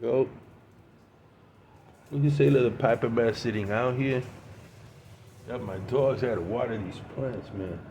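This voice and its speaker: A man's voice: medium pitch, a little slow, pauses often, mellow, a little hiss or hum. A man from the Bronx, casually telling a story in rambling streetwise slang, sitting outdoors. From Bronx, New York. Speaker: cigar vlogger. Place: outdoors with his dogs.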